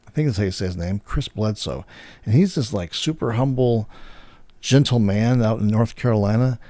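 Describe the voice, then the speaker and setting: A man's voice: fairly low pitch, normal speed, mellow, no room sound. A man hosting, chatting casually and rambling with many fillers as he searches for words. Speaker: host. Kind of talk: casual chat.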